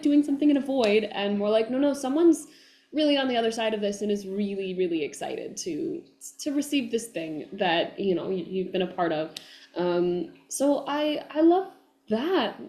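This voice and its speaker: A woman voice actor chatting as an interview guest, animated and full of fillers, acting out fans' excited voices. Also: medium pitch. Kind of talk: casual interview chat. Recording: echoey room.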